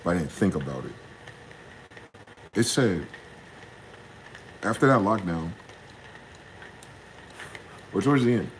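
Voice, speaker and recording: A man's voice: low-pitched, a little hiss or hum, low-quality recording. Heated, profane man ranting solo. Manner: profane, heated, swings between shouting questions and muttering. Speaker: podcast host. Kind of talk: casual ranting monologue.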